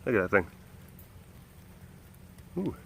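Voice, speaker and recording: Man, casual vlog host, slow pace, jokey, rambling, outdoor big cat compound. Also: lowish voice, sing-song, vocal fry, a bit bright, slight background noise. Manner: jokey, self-mocking, chuckling. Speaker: webcast host.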